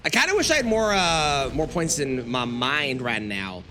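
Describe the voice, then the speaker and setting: A man's voice: a little high, expressive, normal speed, noisy background. A man streaming a game live, talking to his chat and grumbling at the game. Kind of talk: live gameplay commentary.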